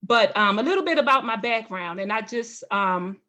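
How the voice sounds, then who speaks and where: A woman's voice: medium pitch, expressive, moderate pace, sharp tone. A woman in her forties, a parole and probation agent, telling her life story with passion and rhetorical questions at a meeting. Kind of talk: personal testimony at a meeting.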